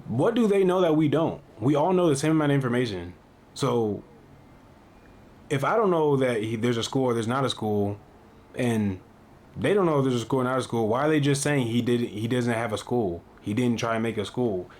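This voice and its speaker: A man's voice: mid-range voice, moderate pace, darkish tone. A man hosting a reaction video, talking casually and asking one disbelieving question after another. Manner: incredulous, asks questions over and over.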